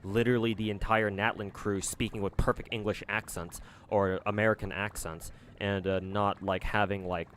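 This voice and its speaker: Brief: casual male streamer, low voice, rambling chat with fillers, faint hiss behind. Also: little pitch movement, normal speed, few pauses, a bit bright.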